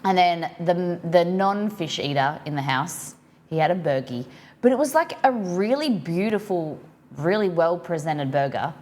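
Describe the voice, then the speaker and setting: A woman's voice: on the low side, lively intonation, moderate pace, darkish tone. A woman with an Australian accent hosting a cooking live-stream, chatting with viewers and reading their comments aloud as she reacts.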